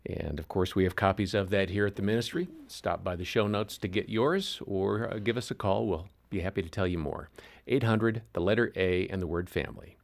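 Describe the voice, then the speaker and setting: A male co-host with a very low voice reads a show introduction. His delivery is smooth and even, like a radio announcer. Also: brisk.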